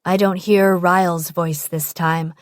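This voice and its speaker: A woman's voice: on the low side, level tone, a little slow, no echo, studio quality. A woman narrating a first-person audiobook in an intimate, present-tense storytelling manner.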